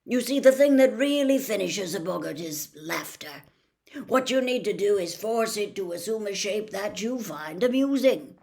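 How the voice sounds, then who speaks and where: A woman's voice: medium pitch, vocal fry. A woman reading the part of a kind, patient middle-aged male teacher in a storybook. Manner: gentle, patient, encouraging.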